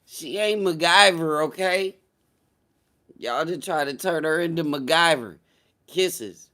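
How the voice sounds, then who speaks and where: Loud joking man hosting a livestream. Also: on the high side, slow pace. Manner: loud, joking and profane, swinging between shouts and mutters. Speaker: livestream host. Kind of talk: casual livestream chat.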